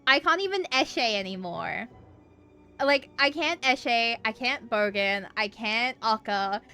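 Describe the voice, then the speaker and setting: A woman's voice: a little high, expressive, slow pace, bright, forceful tone, smooth, soft background music. A woman from Australia with an Americanized Australian accent, chatting casually on a game stream and rambling with lots of "like" and free swearing. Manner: rambling, many "like" fillers, swears freely. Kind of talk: casual live-stream chat.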